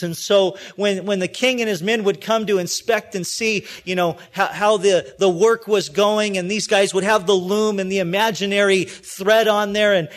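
Male pastor, higher-pitched voice, easygoing storytelling sermon delivery. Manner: storytelling preacher, acts out quoted voices; conversational, with frequent restarts.

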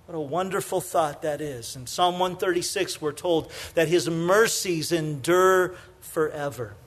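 A man with a high-pitched voice delivers a sermon in a relaxed, chatty way, peppered with "you know." He tells stories with energy, then sinks into quiet, tender emphasis on his main points. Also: unhurried. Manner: conversational preaching, many "you know" fillers; shifts from lively storytelling to soft, hushed emphasis. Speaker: pastor.

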